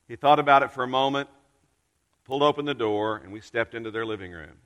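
A man preaching a sermon from a church pulpit, telling a personal story in an earnest, unhurried way with dramatic pauses. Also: medium pitch, a bit bright, big-room sound. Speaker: pastor.

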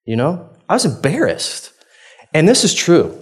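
A man's voice: fairly high pitch, sing-song, a little slow. A man, preaching a conversational sermon. He tells a personal story in a chatty, self-deprecating way, laughing often and acting out his own reactions. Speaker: pastor.

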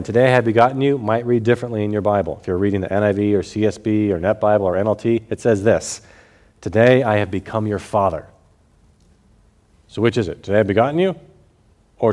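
A man with a fairly low voice teaching a Bible passage verse by verse. He explains each point carefully and repeats key phrases so they stick. When he reads scripture, he slows down and speaks deliberately. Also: a little mellow.

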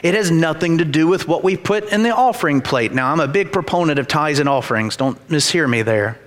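A man's voice: fairly high pitch, expressive, fairly quick. A man preaching a sermon as pastor, emphatic and repetitive, with dramatized quotes. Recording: reverberant hall.

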